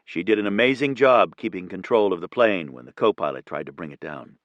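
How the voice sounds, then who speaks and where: A male narrator voicing an exhausted, kind businessman who teases gently. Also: low voice, a little fast, no room sound, dull audio, close to an everyday voice. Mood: tired, warm. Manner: gentle teasing.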